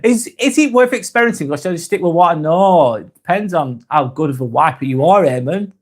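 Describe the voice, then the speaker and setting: A man in his forties with a Northern English accent talks casually on a live stream, reading out viewer comments. His voice sits a little high for a man. He rambles, restarts his sentences and jokes along as he goes. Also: lively intonation, fairly quick. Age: 40s. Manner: rambling and joking, with frequent restarts and laughs.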